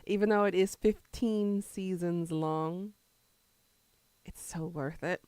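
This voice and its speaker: A woman's voice: lowish voice, fairly even intonation, takes it slowly, a little mellow, clear, resonant tone, dry recording. A woman streamer chatting casually with her viewers, rambling between topics and answering chat while she eats.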